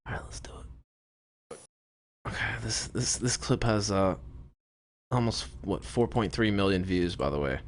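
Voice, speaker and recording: Brief: male livestream host, low lively voice, laughs a lot, faint background noise. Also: moderate pace, long pauses. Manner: laughs often, brief reactions. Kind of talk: casual chat.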